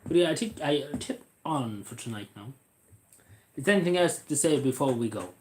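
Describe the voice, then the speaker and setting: A man's voice: medium pitch, animated, brisk. Rambling man live-streaming. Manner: rambling, sarcastic, jokey asides. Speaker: livestream host. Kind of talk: casual livestream chat.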